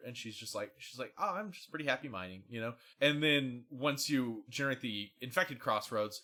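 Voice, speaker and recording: A young man co-hosting a podcast in casual chat, relaxed as he explains details and laughs easily. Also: mid-range voice. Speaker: podcast co-host.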